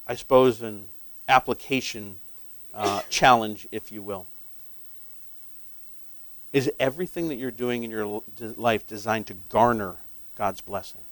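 A man preaching a sermon in a conversational way, asking his listeners questions and growing loud and emphatic on key points. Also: lowish voice, measured pace, long pauses, no room sound, rough recording. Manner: conversational, asks the audience questions; grows emphatic and loud when stressing points.

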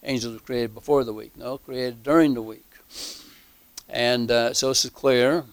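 A man teaching a Bible class, slow and halting, with many fillers and emphatic repeats. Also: mid-range voice, steady tone, no echo. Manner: emphatic repetition.

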